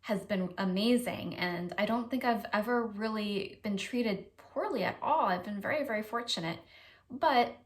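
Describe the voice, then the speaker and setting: An American woman talking to her viewers in a relaxed vlog. Her voice sits at an ordinary middle pitch and she speaks in a loose, conversational way. She is chatty and a little self-deprecating, hedging often as she goes. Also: moderate pace. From United States. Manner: chatty, self-deprecating, frequent hedges and laughs. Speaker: vlogger. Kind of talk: casual vlog chat.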